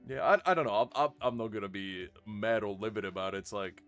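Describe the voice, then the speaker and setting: A man's voice: on the low side, quick pace, a bit bright, smooth, faint music behind. A man chatting casually on a live game stream, rambling and laughing at himself. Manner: rambling, self-mocking, laughs often.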